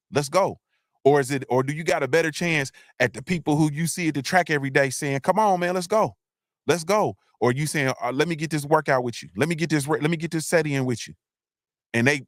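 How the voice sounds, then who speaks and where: A middle-aged man hosting a motivational live talk, animated and preachy, asking his listeners again and again if they feel him. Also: on the high side, no room sound, clean studio sound. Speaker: host.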